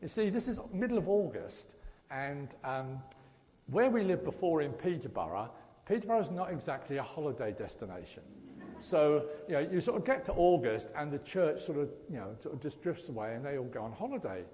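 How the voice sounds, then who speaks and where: Man, lay preacher, chatty and jokey, animated pitch, long hall reverb. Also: a little fast. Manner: chatty, jokey, addresses the congregation directly. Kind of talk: casual church talk. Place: church hall.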